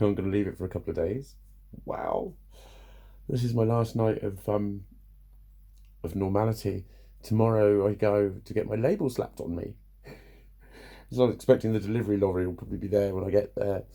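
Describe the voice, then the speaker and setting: A man's voice: fairly low pitch, fairly even intonation, moderate pace, gravelly, pauses often, dark tone. A man venting bluntly in a casual vlog, swearing freely and laughing between points. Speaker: vlogger. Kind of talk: casual rant to camera.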